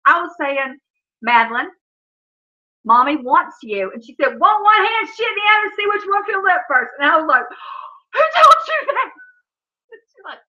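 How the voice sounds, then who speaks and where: A woman, chatting casually on a live stream, reading comments and telling funny family stories with frequent laughter. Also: high voice. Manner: laughs often, storytelling, says "Oh, Lord". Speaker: livestream host. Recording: dull lo-fi stream audio.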